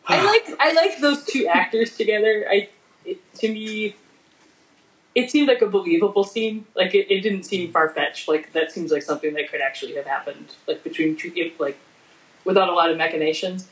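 A woman's voice: fairly low pitch, moderate pace. A woman co-hosting a podcast, chatting casually and agreeably with hesitant, repeated words. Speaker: podcast co-host. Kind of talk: casual chat. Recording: echoey room.

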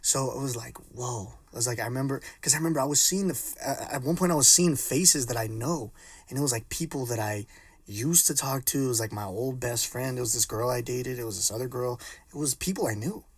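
A man's voice: mid-range voice, fairly quick, husky, dry recording. A young man co-hosting a casual podcast, laid-back and laughing often, with many fillers. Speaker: podcast co-host. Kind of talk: casual chat.

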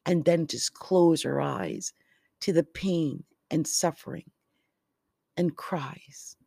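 A woman with a lowish voice talks slowly and with feeling, choked up from recent crying. She swings from impassioned outbursts to soft, prayerful whispers. The sound is dry and close. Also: vocal fry, no room sound. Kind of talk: emotional personal monologue.

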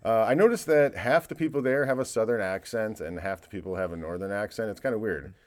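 A man's voice: fairly low pitch, fast. A man co-hosting a casual podcast chat, talking loosely and with profanity. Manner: loose and profane, mimics accents for laughs. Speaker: podcast co-host.

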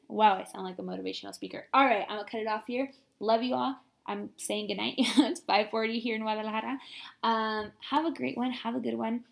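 A woman's voice: mid-range voice, steady tone, brisk, vocal fry. A young woman in her twenties hosting a podcast, chatting in an upbeat, casual way and using "like" a lot. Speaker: podcast host.

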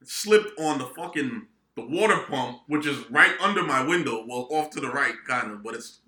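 Very bright-voiced man telling a profane story. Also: mid-range voice, normal speed. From New England, United States. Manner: profane, animated storytelling with acted-out outbursts. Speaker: podcast co-host. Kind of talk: casual storytelling among friends. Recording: echoey room.

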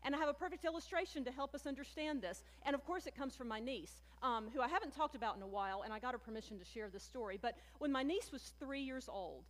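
A woman pastor preaching a sermon in a conversational, animated way, often calling her listeners friends. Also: sits high, fast talker, few pauses. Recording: long hall reverb.

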